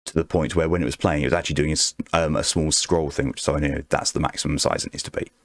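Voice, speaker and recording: Very deep gravelly man murmuring close. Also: steady tone, fast talker, no room sound. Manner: low close-mic murmur, rambling and self-talking. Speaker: art streamer. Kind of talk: soft ASMR-style stream chat while drawing. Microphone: very close desk microphone. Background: faint background music.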